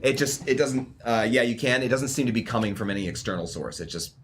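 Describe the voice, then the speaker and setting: A man narrating as game master in a tabletop game, talking in a relaxed, halting way with many restarts. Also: medium pitch, background noise.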